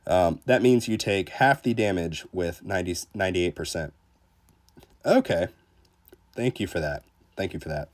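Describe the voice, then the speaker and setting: This gaming livestreamer has a low, expressive voice and speaks at a moderate pace with frequent pauses. Laid-back and jokey, he reads out viewer comments and keeps starting over mid-thought.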